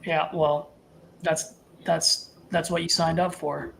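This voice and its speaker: A man coaching a trainee, animated and casual, talking through sales feedback. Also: on the high side, takes it slowly, vocal fry, a little hiss or hum. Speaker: wholesaling coach and host.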